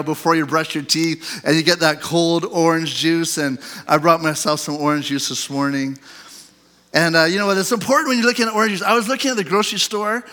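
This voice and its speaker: A man with a high, bright voice opens a service with easygoing banter. He jokes and quizzes the congregation in a casual sermon style, keeping it light and conversational. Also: in a large hall. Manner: chatty, joking, asks the congregation questions. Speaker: church speaker.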